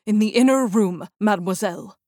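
A woman voicing a despairing young nobleman who speaks in a quiet, earnest tone. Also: fairly quick, no echo, studio quality, lightly acted. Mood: grieving, hushed. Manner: hushed, low and earnest.

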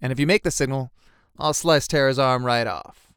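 A man's voice: mid-range voice, moderate pace, a bit bright, smooth, dry recording, clean studio sound, natural voice. A man voicing an eager, earnest young swordsman in a storybook reading.

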